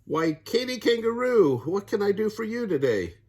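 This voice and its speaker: A cheerful, motherly lady crocodile in a storybook, her voice lifted high and sing-song as a grandfather puts her on. There is a husky grain beneath it. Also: very animated, normal speed, darkish tone, exaggerated voice.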